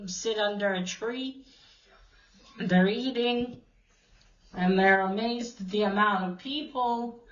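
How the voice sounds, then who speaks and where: A woman talks through a comic book plot in a slow, unhurried way, often pausing and restarting her sentences. Her voice is bright and a little tense. The recording sounds dull and lo-fi. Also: mid-range voice. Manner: hesitant, many fillers and restarts. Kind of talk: casual retelling of a story.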